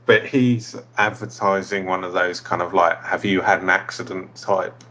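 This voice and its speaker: Bloke, husky lowish voice, chill hesitant podcast chat. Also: male voice, fairly even intonation, moderate pace, sharp tone. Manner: laid-back, hesitant, trailing asides. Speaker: podcast co-host. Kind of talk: casual comedic chat.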